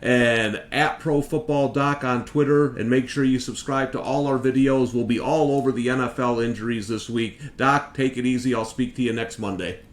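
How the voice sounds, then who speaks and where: A man hosting a sports podcast, upbeat and quick to laugh. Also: medium pitch, fairly even intonation. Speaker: podcast host. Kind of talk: casual podcast chat. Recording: echoey room with faint noise.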